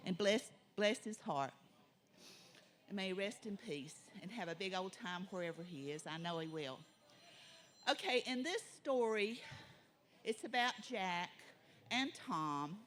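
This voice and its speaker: A woman's voice: medium pitch, expressive, a bit bright. Folksy woman storyteller. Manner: folksy, drawn-out telling. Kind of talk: oral folk storytelling.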